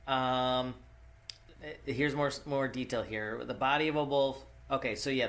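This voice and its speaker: A man co-hosting a casual podcast at an unhurried, slow pace. He keeps breaking into laughter and halting with fillers as he reads out his notes. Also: mid-range voice, fairly bright tone. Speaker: podcast co-host. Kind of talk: casual chat. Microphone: podcast microphone.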